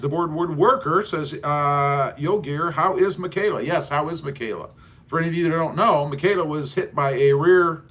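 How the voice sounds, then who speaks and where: A man with a fairly high, bright voice hosts a casual live stream. He reads chat comments aloud and answers them with easygoing, self-deprecating jokes. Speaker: livestream host.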